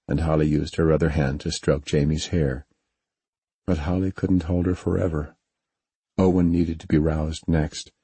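A man narrating a science fiction audiobook in a measured, steady way, recorded on a close studio mic. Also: low-pitched, slightly rough, no room sound. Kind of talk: scripted narration.

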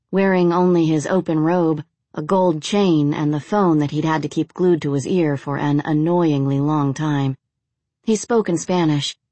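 Low-pitched woman, audiobook narrator, measured, dry studio sound. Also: a little mellow, dry recording. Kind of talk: scripted narration.

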